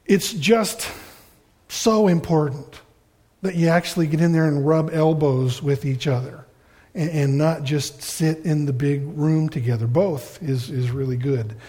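A man's voice: a little high, unhurried, darkish tone. A man, a pastor giving a conversational, rambling sermon to his congregation in a church hall. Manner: casual, rambling, self-deprecating. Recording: long reverb of a large hall.

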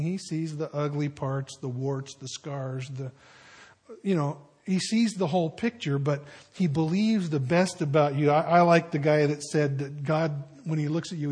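A man's voice: fairly high pitch, darkish tone, breathy edge. An older man, a pastor, preaching a sermon to his congregation with folksy storytelling and conversational asides.

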